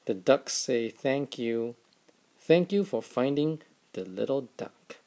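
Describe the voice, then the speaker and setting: A father gently reading a picture book aloud to his young children, in a slow, expressive way. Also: medium pitch.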